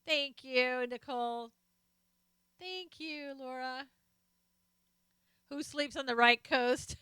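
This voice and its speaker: A woman's voice: sits high, slow, sharp tone, clear, resonant tone, dry recording. A woman hosting a live stream, casually chatting about politics and answering viewer comments as she reads them out. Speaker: live stream host reading chat.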